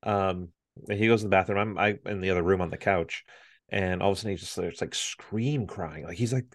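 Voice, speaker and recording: A man in his thirties with a low-pitched voice speaks briskly in a dry, clean studio recording. He co-hosts a podcast, telling a story in casual chat as an animated storyteller who acts out his family members' voices.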